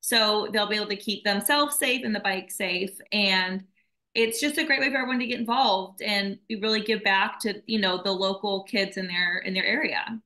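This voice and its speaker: A woman's voice: mid-range voice, normal speed, low-quality recording. A woman founder of a nonprofit, talking earnestly and emotionally in a casual interview. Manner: earnest, emotional, warm storytelling.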